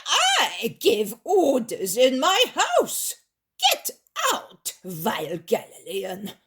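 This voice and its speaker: Woman doing a squeaky greedy rich man, shrill, loud, high-pitched, husky edge. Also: wildly swooping pitch, very slow, exaggerated voice. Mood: frantic. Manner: shrill, pleading and blustering. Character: greedy boastful rich male landowner.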